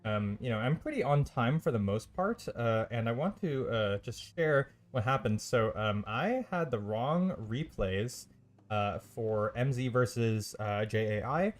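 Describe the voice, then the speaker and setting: This esports caster and stream host handles solo live commentary on a strategy game tournament, chatty and loose, full of ums and uhs plus an odd dry, sarcastic remark. He speaks at medium pitch with lively intonation at a measured pace.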